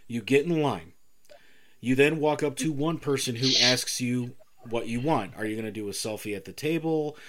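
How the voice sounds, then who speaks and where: A man co-hosting a podcast, telling a story in casual chat and acting out the people in it. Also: mid-range voice. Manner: animated storyteller, acts out quoted exchanges. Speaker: podcast co-host.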